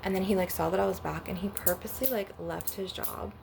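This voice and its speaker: Young woman, gravelly voice, blunt and profane, rambling storytime, faint background hiss. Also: mid-range voice, steady tone, quick pace. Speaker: spiritual vlogger. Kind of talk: casual storytime rant.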